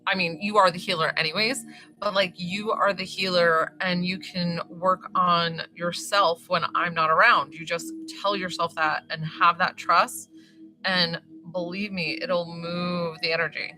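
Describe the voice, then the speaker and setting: Bright-voiced chatty woman healer. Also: on the low side, steady tone, unhurried. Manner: chatty and rambling, many fillers; reassuring, affirming. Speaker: spiritual healer. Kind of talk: live-streamed remote healing session. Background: faint music.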